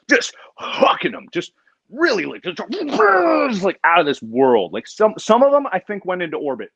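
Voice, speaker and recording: A man hosting a casual charity livestream, animated and jokey, sometimes jumping into high exaggerated outbursts. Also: husky, no echo, dull audio. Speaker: livestream host.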